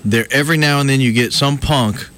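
A man's voice: medium pitch, a little fast, fairly bright tone. A man in his late thirties hosting a talk radio show, explaining things in an earnest, lecturing way. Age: 30s.

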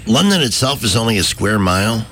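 A man's voice: on the low side, very animated, a little fast, pushed and bright. A man hosting a radio show in casual chat, jokey and playful, taking callers. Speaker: radio host.

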